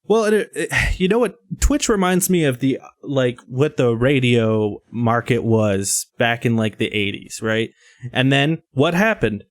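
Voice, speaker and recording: A man's voice: medium pitch, expressive, measured pace, dry recording, studio quality. A man co-hosting a casual podcast, talking in a laid-back, self-deprecating way with lots of "like". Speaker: podcast co-host.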